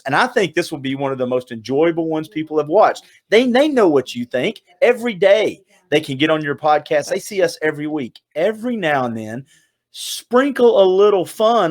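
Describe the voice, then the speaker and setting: A man from Southeast Tennessee co-hosting a casual livestream chat over a video call, joking and rambling as he leads the talk. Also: on the high side. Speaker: podcast co-host. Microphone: home video call setup.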